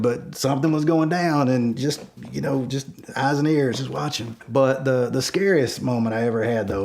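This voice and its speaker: A middle-aged man casually telling a true story, acting out the shouts in it. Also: mid-range voice. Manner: animated, acts out his own yelled lines. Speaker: storyteller guest.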